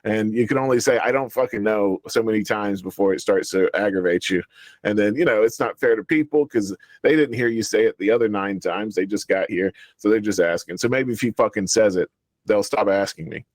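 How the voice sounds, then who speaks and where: A man's voice: lowish voice, a little fast, no room sound. Profane, heated man telling a story. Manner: profane, heated, laughs through his words. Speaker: show regular. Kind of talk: casual chat, storytelling.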